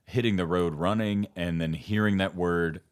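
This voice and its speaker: Very deep-voiced man telling rambling stories. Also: fairly even intonation, normal speed, smooth. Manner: rambling storyteller, laughs often, trails off mid-sentence. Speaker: podcast co-host. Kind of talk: casual podcast chat.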